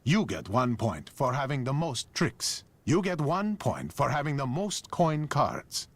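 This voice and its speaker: A man's voice: medium pitch, sing-song, measured pace, a little hiss or hum. A man voicing a reserved Venetian man in a harlequin costume in a video game, speaking politely and formally. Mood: measured. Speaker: game character. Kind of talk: game character voice acting.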